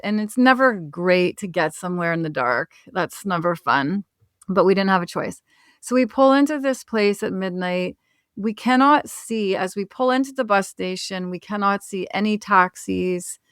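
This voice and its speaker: Woman, travel author, lively storytelling, laughs as she talks, clear resonant voice. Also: mid-range voice, no room sound, studio quality. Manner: animated, laughs while telling stories. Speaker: podcast guest, travel author. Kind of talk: conversational storytelling.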